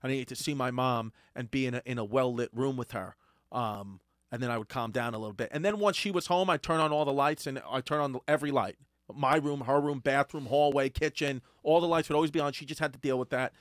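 A man's voice: medium pitch, brisk, no echo, studio quality. A man co-hosting a comedy podcast, telling crude, self-mocking stories in casual banter. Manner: self-deprecating, crude, storytelling. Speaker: podcast co-host.

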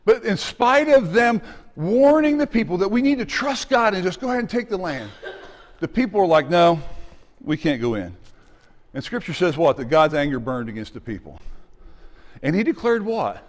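A pastor preaching a sermon in a church, animated and acting out the people in the story, now and then shouting. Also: male voice, sits high, normal speed, in a large hall. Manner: animated, acts out voices and shouts. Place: church sanctuary.

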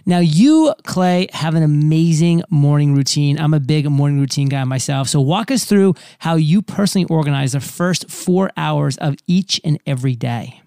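A man's voice: a little high, expressive, normal speed, vocal fry, few pauses, warm tone, smooth, no echo, studio quality. A man hosting a podcast, rallying his audience with upbeat enthusiasm. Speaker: podcast host.

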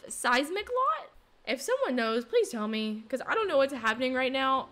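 A young woman giving casual let's play commentary on a life-sim game, reacting excitedly and dramatically to what happens on screen. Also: on the high side, slight background noise. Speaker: gaming YouTuber.

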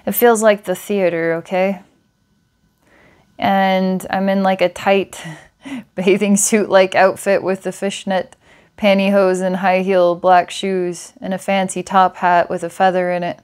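A woman's voice: medium pitch, little pitch movement, measured pace, darkish tone, smooth. A woman psychic giving a client a past-life reading, meandering with filler words and small laughs. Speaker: psychic reader.

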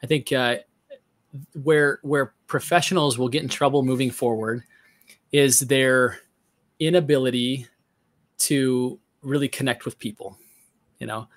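A man's voice: medium pitch, steady tone, measured pace, pauses often. A man hosting a podcast interview who reflects on his guest's points and thinks aloud, with fillers. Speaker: podcast host. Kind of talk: conversational interview.

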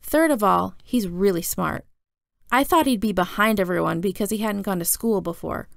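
A woman's voice: mid-range voice, moderate pace, vocal fry, dry recording, clean studio sound. A woman reading a children's novel aloud in a casual first-person voice. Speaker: reader.

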